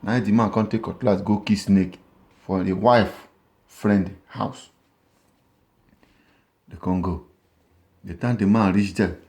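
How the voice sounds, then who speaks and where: A man telling a comic story in a Nigerian Pidgin accent, animated, with repeated phrases and sly asides to the listener. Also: fairly low pitch.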